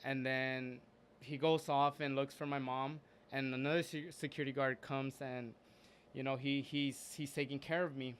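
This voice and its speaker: A man with a mid-range, fairly flat voice casually recounts a personal experience, earnest and open. He speaks haltingly, often stopping to restart sentences and using fillers, with a little hiss or hum in the background.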